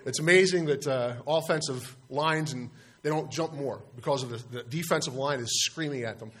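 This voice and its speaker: Man, informal devotional talk, conversational, rhetorical questions, mid-pitched voice. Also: normal speed, fairly bright tone. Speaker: youth speaker.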